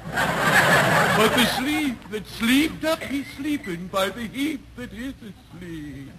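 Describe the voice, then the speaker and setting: A man's voice: very high-pitched, sharp tone, exaggerated voice, poor audio. An actor playing a self-pitying male poet who pesters a radio show, reciting in a melodramatic, mournful way in 1940s radio comedy style. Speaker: comic guest character.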